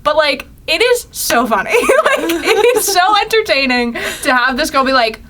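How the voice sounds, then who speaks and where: Young woman, podcast co-host, bubbly, laughs a lot, bright tone, lively pitch. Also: moderate pace, few pauses, slight background noise. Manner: bubbly, laughs often, heavy use of "like". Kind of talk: casual chat.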